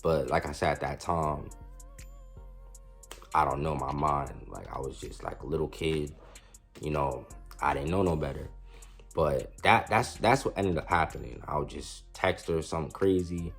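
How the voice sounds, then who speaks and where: A man's voice: very deep voice, normal speed, creaky, faint music behind. A young man casually telling a storytime about his past, slangy and self-mocking, with frequent restarts. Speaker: storyteller vlogger.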